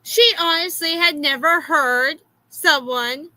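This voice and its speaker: A woman with a Florida accent telling a story in a casual, exasperated way, filling pauses with "uh". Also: high-pitched, no echo, poor audio. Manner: animated, exasperated, many "uh" fillers.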